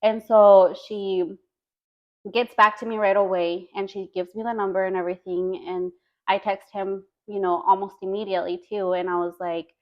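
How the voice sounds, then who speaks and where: Podcast guest, woman, earnest storyteller, filler-heavy casual talk, mid pitch, slightly muffled lo-fi recording. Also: little pitch movement, moderate pace. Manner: earnest, heavy use of "like" and "you know".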